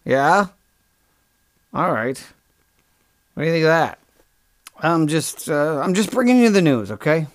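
A man hosting a comic podcast, rambling deadpan and correcting himself mid-sentence. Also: fairly high pitch, unhurried, pauses often, dry recording. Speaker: podcast host.

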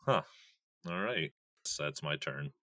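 A man playing in a tabletop game, calmly announcing his character's spells and rolls. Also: extremely low pitch, slow, no room sound, clean studio sound. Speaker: player. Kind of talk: casual tabletop game play.

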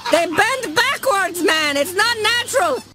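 A laid-back boastful cartoon veggie. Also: male voice, very high voice, lively intonation, a little slow, background noise. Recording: cartoon clip over music.

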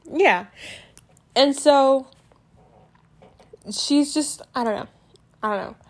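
A young woman chatting casually about a book she loved, rambling and excitable, full of "like" fillers, recorded on a home mic. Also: a little high. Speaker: book reviewer. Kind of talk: casual book review chat.

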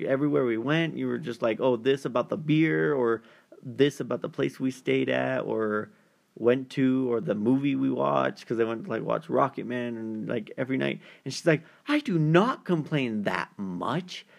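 A man tells a long, rambling story in casual chat, his voice carrying a gravelly fry. He leans on fillers and slips into the voices of the people he describes. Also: mid-range voice, steady tone, moderate pace. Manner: rambling storyteller, many fillers, acts out quoted callers.

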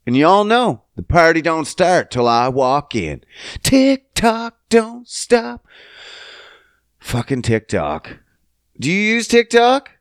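A young man from Canada rambles through his solo podcast, cursing freely and breaking into sing-song bits. His delivery is unhurried, with pitch that leaps around playfully. The sound is dry and close, with no room around it. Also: very animated, clear, resonant tone, no echo. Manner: sing-song, jumps high in pitch for silly bits, profane. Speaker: podcast host. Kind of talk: solo comedic podcast rant.

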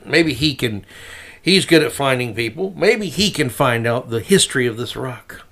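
Male host, sarcastic opinion podcaster, mid-pitched voice. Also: fairly bright tone. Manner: sarcastic, mocking.

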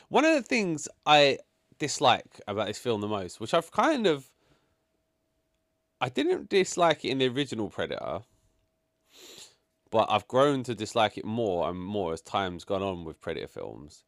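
A man's voice: mid-range voice, wildly swooping pitch, normal speed, long pauses, no echo, clean studio sound. A man co-hosting a casual chat, giving blunt, sweary opinions with many fillers. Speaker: podcast co-host reviewing a film.

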